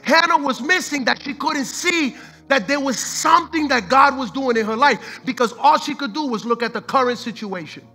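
A man's voice: very high-pitched, normal speed, bright, forceful tone, faint music behind. A man preaching a sermon as pastor, fervent and repetitive, mixing in street slang and the odd line of Spanish.

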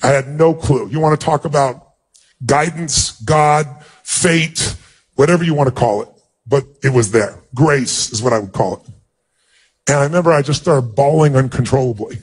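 A man giving a motivational speech, telling a personal story with emotional, animated delivery and a husky voice. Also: moderate pace. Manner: emotional, animated storytelling, rising in pitch when stirred. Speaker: motivational speaker.

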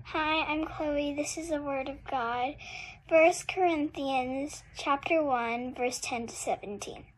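High-voiced woman reading scripture aloud. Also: slow pace, low-quality recording. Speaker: scripture reader. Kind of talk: Bible reading.

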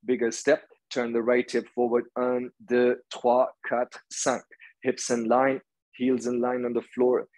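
A man's voice: medium pitch, completely flat delivery, unhurried, a little mellow, poor audio. A man leading a hot yoga class, giving firm, rhythmic commands and counting through each pose. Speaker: yoga teacher. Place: yoga studio.

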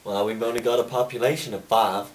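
A man's voice: lowish voice, fairly even intonation, fast, close to an everyday voice. A man voicing a folksy old-timey male bartender with a put-on American Southern drawl. He calls people sir and son in a courtly way, in an amateur comedy sketch. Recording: roomy, distant camera mic, faint noise.

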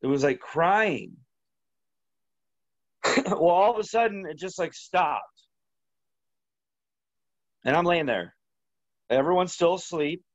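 A man telling a long, rambling story as an interview guest, halting and full of restarts. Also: sits high, animated, no echo, muffled recording. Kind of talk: casual storytelling.

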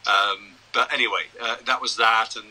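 A man's voice: lowish voice, fairly even intonation, moderate pace, sharp tone, rough recording. A man in his sixties, a broadcaster and journalist, chatting anecdotally over a video call. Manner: chatty, anecdotal, self-deprecating. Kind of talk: casual interview chat.

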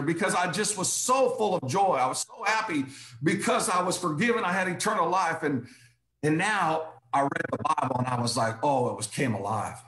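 A man's voice: on the high side, animated, brisk, a bit bright, roomy sound. A man telling his personal testimony as a guest, emphatic and repetitive, often saying "I said".

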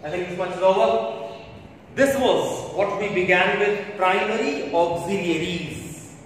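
A teacher with a fairly high voice walks a class through grammar, stressing and repeating key words. He is picked up from far away in a classroom with a long, hollow echo and faint background hiss. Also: measured pace. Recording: echoey classroom taken from afar with faint noise.

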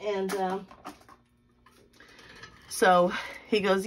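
A woman's voice: deep voice, measured pace, a little hiss or hum. A middle-aged woman hosting a crafting video, telling a rambling personal story while she works, laughing often. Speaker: crafting channel host.

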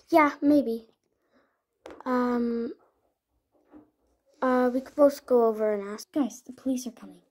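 A woman's voice: on the high side, slow, long pauses, darkish tone. Woman voicing toy horses in a mystery. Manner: switches between chatty, whispered and accusing character voices. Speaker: toy horse role-play creator. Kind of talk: playing out a toy-horse mystery in several voices.

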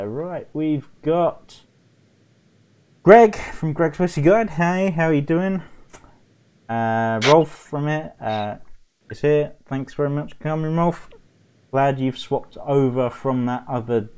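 A man hosting a casual live video chat, greeting viewers by name and filling pauses with humming syllables. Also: medium pitch, darkish tone, clean tone. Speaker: live stream host.

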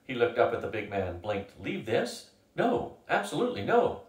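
A man's voice: lowish voice, sing-song, moderate pace. A man reading aloud, voicing a dazed, stubborn young man in an agitated, insistent way. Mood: stunned. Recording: echoey room, from a distance.

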